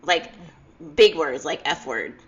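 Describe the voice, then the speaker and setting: A woman co-hosting a podcast in casual chat, calm and reflective, often giving short agreeing replies. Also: deep voice, slow pace, lo-fi sound. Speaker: podcast co-host.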